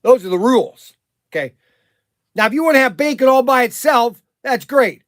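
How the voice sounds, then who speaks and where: A man hosting a casual livestream, rambling and animated with many restarts and fillers, talking up his shop plans. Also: very high voice, moderate pace, no room sound, clean studio sound. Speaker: livestream host and shop owner.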